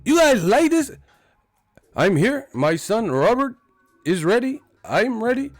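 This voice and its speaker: Screechy bragging boxing dad, way up high and yelling. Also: male voice, big pitch swings, measured pace, dry recording, soft background music, full character voice. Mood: hyped. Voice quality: high, shouting.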